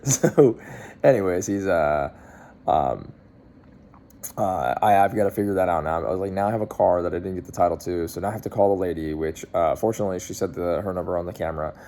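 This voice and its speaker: A man's voice: low-pitched, brisk, warm tone. A man in his thirties, a car dealer, telling a long story in a casual, rambling way with lots of fillers and restarts.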